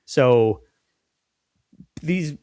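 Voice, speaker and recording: A man's voice: medium pitch, expressive, extremely slow, dark tone, no echo. A man hosting a podcast in casual chat, rambling and often laughing. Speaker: podcast host.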